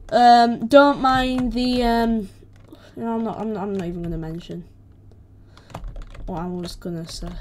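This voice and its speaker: Excitable British woman gaming commentator. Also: a little high, slight background noise. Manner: excitable, yelps and pleads when attacked, playful trash-talk. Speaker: gaming video creator. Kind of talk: casual gameplay commentary.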